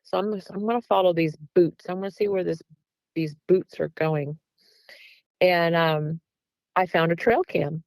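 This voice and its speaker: A woman's voice: fairly low pitch, fairly even intonation, a little slow, a little mellow, no echo, rough recording. A woman, a guest researcher, casually telling a story in an interview and acting out the back-and-forth dialogue, with plenty of "um" and "like". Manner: chatty, with frequent "um" and "like".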